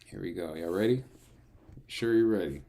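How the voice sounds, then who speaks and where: A man's voice: low voice, moderate pace, creaky, mellow. A man reading through the Bible, breaking off into playful, chatty asides. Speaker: Bible reader and narrator. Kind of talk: casual Bible reading with commentary.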